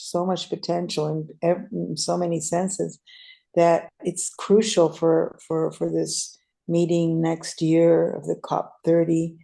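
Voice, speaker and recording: A woman's voice: fairly low pitch, gravelly, mellow. A woman from Brazil speaking in an online meeting, tired and hesitant, with many restarts. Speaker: meeting participant. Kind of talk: casual online meeting talk. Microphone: video call.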